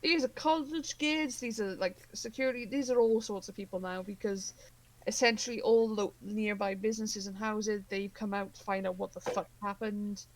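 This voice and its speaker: A woman's voice: mid-range voice, fairly even intonation, moderate pace, poor audio. Rambling woman running a horror game. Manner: rambling, filler-heavy narration. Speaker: game master. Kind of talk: narrating a tabletop horror game.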